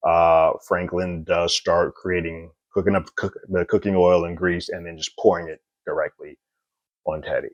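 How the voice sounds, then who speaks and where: A man giving a casual, animated recap and review of a TV episode, chuckling often. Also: deep voice, dry recording, muffled recording. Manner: animated, chuckles often, slips into quick impressions.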